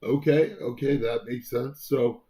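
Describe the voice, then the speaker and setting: A man's voice: mid-range voice, fairly even intonation, unhurried, warm tone. A man co-hosting a casual album review chat, talking in a rambling way with many fillers and restarts.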